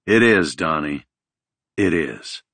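A man voicing a wary grown man returning to his old neighborhood, quiet and tense. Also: rumbling low, animated, slow, no room sound, exaggerated voice.

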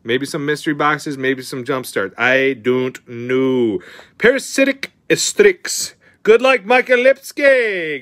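A young man hosting a card pack opening in an excitable, slangy chat, calling viewers dude and bro. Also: a little high, takes it slowly, dry recording.

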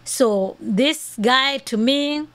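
A woman's voice: high voice, very slow, a bit bright. A woman hosting a podcast, giving earnest, opinionated commentary peppered with "you know" and "okay". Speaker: podcast host.

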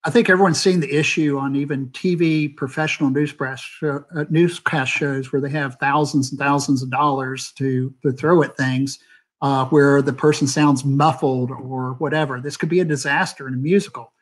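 A theater sound designer speaks on a video call panel, talking candidly and rambling with many fillers. His voice is medium-pitched with fairly even intonation, at a moderate pace.

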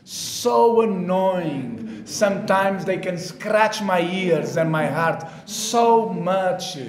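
A man preaching at a church service, his voice sitting high for a man. He asks rhetorical questions and swings between hushed passages and raised ones. The sound carries a roomy church reverb. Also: slow pace, a crowd in the background. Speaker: pastor. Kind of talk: sermon.

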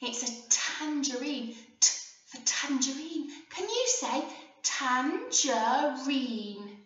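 Animated English teacher, high lively voice. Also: female voice. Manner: animated, sing-song, slow and clear with frequent gasps. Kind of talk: phonics lesson for young children. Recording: echoey room, voice from a distance, dull sound.

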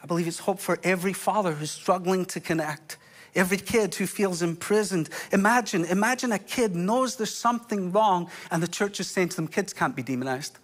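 A Scottish man preaching a sermon as pastor, impassioned, with sudden drops to a hush. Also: high-pitched, fairly quick. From Scotland.

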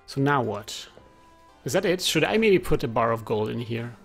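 A man's voice: mid-range voice, expressive, normal speed, creaky, faint music behind. A man giving casual let's play commentary, chatty, thinking aloud and reading game text aloud.

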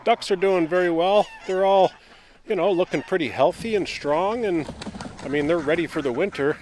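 A man casually narrating his day on a small farm, relaxed and chatty. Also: moderate pace, slight background noise. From Canada. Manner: relaxed, chatty, talks to animals in a high coaxing voice. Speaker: farm vlogger. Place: outdoors on a farm.

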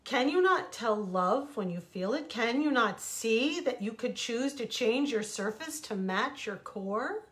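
Woman doing a gentle wise wind. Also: mid-range voice, normal speed, natural voice. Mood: firm. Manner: soft and soothing, firmer when scolding.

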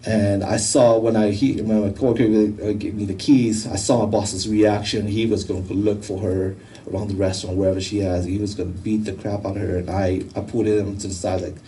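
A man giving a personal testimony, telling his story in a halting, emotional way with many restarts. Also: fairly low pitch, level tone, warm tone, far from the mic, a little hiss or hum, low-quality recording. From United States. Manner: halting, repeats words, emotional.

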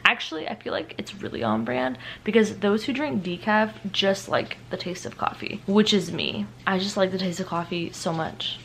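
A woman's voice: medium pitch, lively intonation, moderate pace, creaky, hardly any pauses, fairly bright tone, a little hiss or hum. A young adult woman chatting casually at home in a rambling, self-mocking way as a book vlogger. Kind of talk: casual vlog chat. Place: home, indoors at night.

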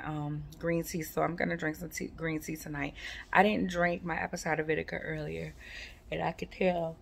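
A woman, chatting casually to her viewers in a rambling, relaxed way with lots of fillers. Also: fairly low pitch, gravelly. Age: 40s. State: sleepy, yawning. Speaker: vlogger. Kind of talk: casual chat to camera.

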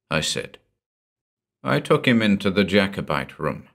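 A man narrating a story aloud in the first person, in a measured, unhurried audiobook reading. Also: sits low, very animated, gravelly, a bit bright.

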